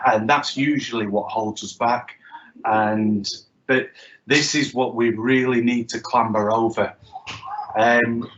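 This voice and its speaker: A man answering an audience question at a talk. He speaks in a measured, halting way with many ums. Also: mid-range voice, a bit bright, highs cut off, a little hiss or hum. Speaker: guest speaker.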